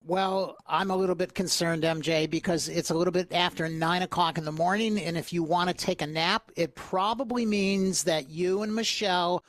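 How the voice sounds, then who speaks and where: A man's voice: high-pitched, fairly even intonation, moderate pace, hardly any pauses, fairly bright tone, dry recording. Chatty man advising on money. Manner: chatty, jokey, emphatic. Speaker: co-host financial advisor. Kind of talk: casual radio-style talk.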